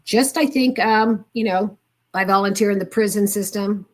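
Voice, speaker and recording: A woman's voice: medium pitch, moderate pace. An older woman as a guest in conversation, telling an earnest, heartfelt story from her volunteer work. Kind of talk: casual conversation.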